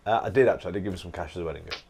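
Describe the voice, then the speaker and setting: A man's voice: low voice, very fast, gravelly, darkish tone, husky. A man, a fitness coach guest, chatting casually with laughter and swearing. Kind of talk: casual chat.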